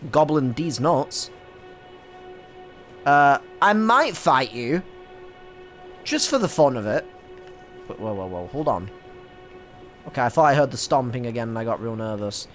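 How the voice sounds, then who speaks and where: Excitable British man swearing through a game. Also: medium pitch, unhurried, pauses often, faint music behind. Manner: excitable, swears often, stumbles over words. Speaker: gaming streamer. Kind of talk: casual let's-play commentary.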